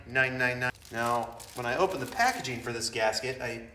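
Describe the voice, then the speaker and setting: A man's voice: medium pitch, lively intonation, brisk, pushed and bright, slight background noise. A middle-aged man chatting casually while working in his home garage, joking and poking fun at himself. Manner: joking, self-mocking, rambling. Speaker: hobby mechanic host.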